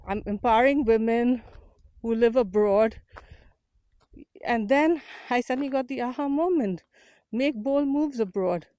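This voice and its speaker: A woman from India, a community founder, hosts an unedited outdoor walk-and-talk vlog, earnest and motivational and a little out of breath from walking uphill. Her fairly high voice has a darkish tone, recorded on a small portable mic with no room sound.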